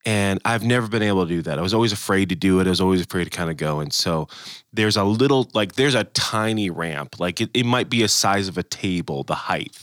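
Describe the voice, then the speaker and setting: Animated thirty-something man telling a story. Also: deep voice, brisk, dry recording, studio quality. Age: 30s. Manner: animated storyteller, acts out others' lines. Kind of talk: casual faith chat.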